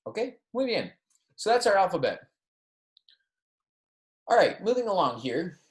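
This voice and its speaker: A man with a high-pitched, sing-song voice teaches Spanish in a recorded lecture, and the sound is roomy. He models sounds slowly and patiently, correcting himself along the way.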